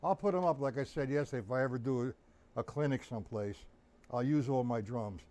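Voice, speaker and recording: A man's voice: mid-range voice, a little fast, slight background noise. A man giving a drum lesson on a live stream, counting beats aloud and asking viewers by name whether they follow. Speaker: drum teacher. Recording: loud drumming behind the voice.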